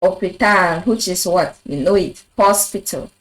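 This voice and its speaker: A woman teaching a French lesson at a board, explaining slowly and asking her viewers rhetorical questions. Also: lowish voice, animated, low-quality recording. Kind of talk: video language lesson. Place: in front of a board.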